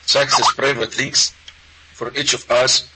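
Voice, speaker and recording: Earnest caller, halting second-language English. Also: male voice, mid-range voice, level tone, very noisy. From Arab world. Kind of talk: call-in conversation.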